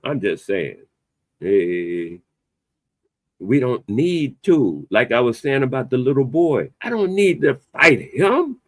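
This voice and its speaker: A man, hosting an opinionated podcast chat in an emphatic, animated way. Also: medium pitch, slow, dry recording. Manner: animated, emphatic, loose conversational delivery with a playful edge. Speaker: podcast host.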